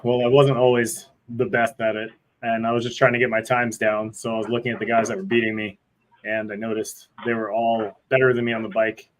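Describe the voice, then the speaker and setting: Deadpan male guest, lowish voice, slight background hiss. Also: fairly quick, poor audio. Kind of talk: casual interview chat.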